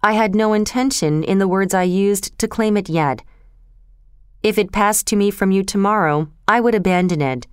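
Earnest young noble guy pleading, woman reading, crisp dry sound. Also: mid-range voice, normal speed, no echo, lightly acted. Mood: resolute.

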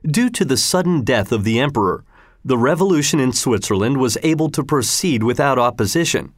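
A man narrating a children's history story in a measured, expressive reading. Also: mid-range voice, dry recording, clean studio sound.

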